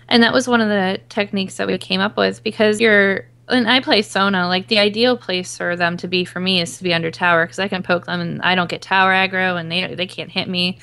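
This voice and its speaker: A woman on a gaming podcast talks through strategy in a steady, middle-pitched voice. She explains things calmly and leans on easy fillers as she goes. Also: gravelly, clean tone. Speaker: podcast panelist. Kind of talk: casual chat.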